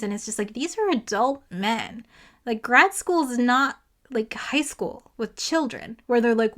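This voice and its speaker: A woman's voice: a little high, moderate pace, fairly bright tone. A woman, a physicist, giving a casual, exasperated and sarcastic spoken review of a novel, with a lot of "like" fillers. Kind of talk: casual commentary to camera.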